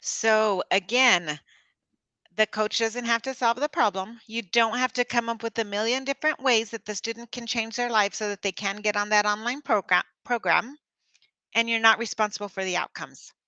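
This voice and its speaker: A woman's voice: a little high, normal speed, pushed and bright, clear, resonant tone, no room sound. A middle-aged woman presenting an online coaching workshop, talking conversationally with personal stories and filler words.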